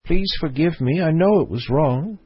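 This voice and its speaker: A timid palace nurse, pleading and fearful in a raised voice, as a male narrator puts her on. The tone is husky, and the recording is dull, lo-fi and dry. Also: fairly high pitch, expressive, normal speed, voice pushed up.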